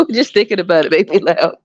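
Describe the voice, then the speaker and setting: Animated, laughing woman podcast host. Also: medium pitch, no echo, dull audio. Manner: animated, laughs often, slangy. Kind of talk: casual comedic rant.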